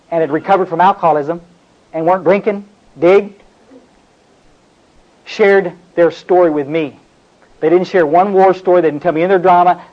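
A man from North Texas, giving an earnest, confessional talk at a recovery meeting. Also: on the high side. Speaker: speaker sharing his recovery story. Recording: dull, lo-fi recording.

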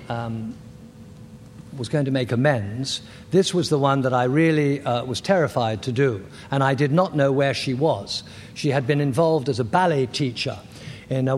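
An older man in his sixties giving personal testimony as a recovery meeting speaker, halting, candid and self-deprecating. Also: medium pitch, darkish tone. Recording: echoey hall with faint noise.

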